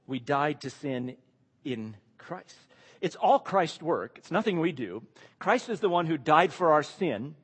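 A man's voice: a little high, breathy edge. A man preaching a sermon, asking the congregation questions and stressing key words. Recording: long hall reverb.

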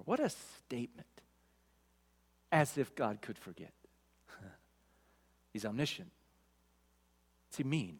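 A man's voice: mid-range voice, big pitch swings, slow, pauses often, husky. Man preaching in an echoing hall. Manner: emphatic, rising to loud peaks then dropping quiet. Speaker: pastor. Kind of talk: expository sermon. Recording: long reverb of a large hall.

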